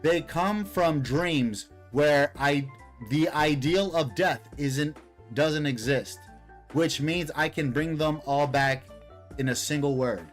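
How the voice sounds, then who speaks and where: A man reading a comic aloud voices an eager, boastful male servant of a ruler, slow and formal. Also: on the high side, soft background music.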